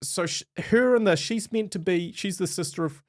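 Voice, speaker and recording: A man co-hosting a podcast in casual chat, animated and quick to laugh, often restarting his sentences. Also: high-pitched. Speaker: podcast co-host.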